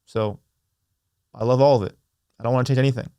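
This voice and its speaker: A young man hosts his own podcast, talking in an earnest, reflective way. He circles back and repeats his key phrases with slow emphasis. His voice sits at an ordinary middle pitch, recorded close and dry with no room sound. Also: steady tone, dark tone, clean tone, no room sound. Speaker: podcast host. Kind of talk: reflective solo podcast talk.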